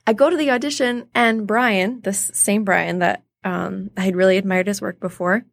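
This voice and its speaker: An animated woman in her thirties talks as an interview guest. Her pitch is middling. She tells stories and acts out the people she quotes. The sound is dry and close to the mic. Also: moderate pace, creaky, no room sound. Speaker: guest, theater artist. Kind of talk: casual interview storytelling.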